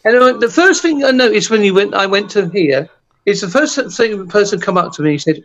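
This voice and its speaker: A man's voice: high-pitched, animated, a little fast, a bit bright, highs cut off. A man with an Essex English accent, chatting casually on a video call and telling rambling stories with lots of restarts. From England. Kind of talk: casual chat, storytelling.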